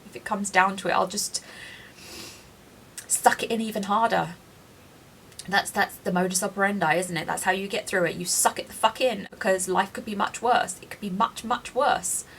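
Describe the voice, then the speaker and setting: A woman's voice: medium pitch, normal speed, creaky, fairly bright tone, slight background noise. A woman in her late thirties, crying as she confides in a personal video diary, self-deprecating and frank. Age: 30s. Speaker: vlogger.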